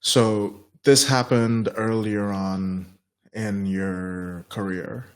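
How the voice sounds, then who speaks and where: Man, podcast host, low voice, flat steady delivery, calm probing questions. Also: extremely slow. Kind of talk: interview questions.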